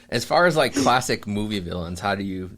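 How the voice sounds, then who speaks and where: A man with a somewhat low voice talks casually about a movie as a podcast host. His manner is easygoing and chatty, full of quick asides and agreement. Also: sing-song, a bit bright.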